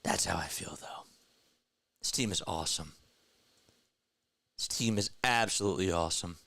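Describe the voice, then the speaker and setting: A young man hosting a casual baseball fan livestream, excitedly talking to his chat. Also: sits low, moderate pace, vocal fry, dry recording. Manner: excited, animated, talks to chat as "bro" and "man". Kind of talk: casual post-game fan talk, reading chat.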